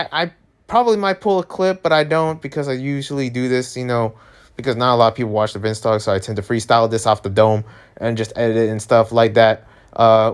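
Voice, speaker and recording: A man's voice: medium pitch, smooth. A young man talking casually in a rambling, filler-heavy vlog monologue. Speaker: vlogger.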